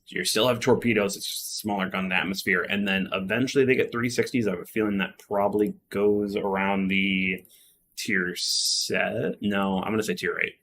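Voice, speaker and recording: A man's voice: on the low side, fairly bright tone. A man with a Midwestern accent, casually chatting and explaining on a game stream, with lots of fillers. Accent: Midwestern American.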